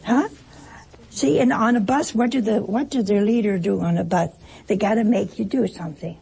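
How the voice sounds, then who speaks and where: A woman gives a casual, anecdote-filled talk to an audience in a medium-pitched, gravelly, husky, warm voice at normal speed. Folksy and joking, she acts out brief exchanges in different voices, and the recording is rough.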